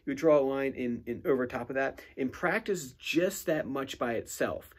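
A man giving a guitar student recorded feedback in a relaxed way, with many fillers, counting picking strokes aloud and humming rhythms. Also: medium pitch, normal speed, slightly rough. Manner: hums and scats rhythms while demonstrating. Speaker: guitar teacher. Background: guitar playing between phrases.

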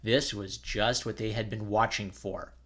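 A man's voice: lowish voice, steady tone, measured pace, fairly bright tone. Man reading an old fairy tale. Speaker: storyteller.

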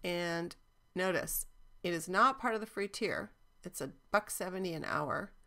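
Woman, slightly low voice, casual tech tutorial narration, upbeat, lots of ums. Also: unhurried, creaky, pushed and bright. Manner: chatty, enthusiastic, frequent ums. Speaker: cloud database instructor. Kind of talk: screen-recorded software walkthrough.

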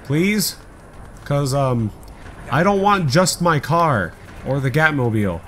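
Excitable gamer dude rambling over gameplay, cussing a lot, voice a bit high, faint noise behind. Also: male voice, slow pace. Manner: excitable, swears often, rambling asides. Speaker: let's play gamer. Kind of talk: gameplay commentary.

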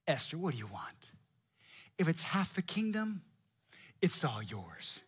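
A man voicing a calm, generous king who speaks low and coaxing inside a sermon retelling. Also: measured pace, husky, exaggerated voice.

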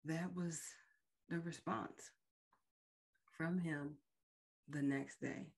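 A woman podcast host slowly and frankly retelling a painful personal experience in an emotional, storytelling way. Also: deep voice, fairly even intonation, creaky, slightly rough.

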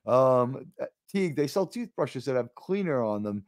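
A man hosting a casual live podcast, talking in an animated, exasperated way with frequent swearing. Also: brisk, dry recording. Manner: animated, swears often, jumps to high exasperated pitch. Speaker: host.

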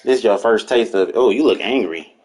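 A young man giving casual, excitable commentary while playing a video game, trash-talking, laughing and yelping often. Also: fairly low pitch, a little fast, slightly rough. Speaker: gameplay streamer.

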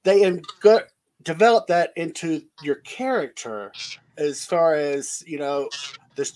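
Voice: medium pitch, unhurried, a little mellow, a little hiss or hum, rough recording. A host in casual interview chat, asking long, friendly questions over a video call.

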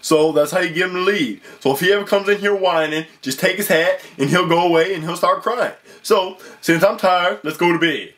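A man's voice: high voice, fairly quick, few pauses, fairly bright tone. A man voicing a laid-back male dinosaur who drawls in street slang in a puppet comedy skit. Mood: drowsy.

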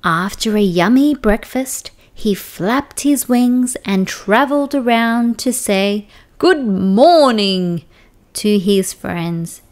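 A woman with an Australian accent reading a children's picture book aloud, slow and expressive. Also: medium pitch. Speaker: storytime reader.

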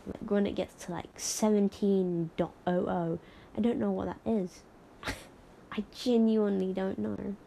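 Sleepy gravelly-voiced woman streamer. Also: medium pitch, measured pace, mellow, a little hiss or hum, rough recording. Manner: rambling, giggly. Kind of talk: casual live-stream chat.

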